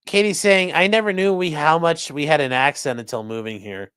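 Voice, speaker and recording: A man's voice: a little high, brisk, fairly bright tone, clear, resonant tone, no echo, studio quality. Chatty man with a Great Lakes accent. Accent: Great Lakes American. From Midwestern United States. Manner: chatty, rambling, reads viewer comments aloud. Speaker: livestream host. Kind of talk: casual livestream chat reading super chats.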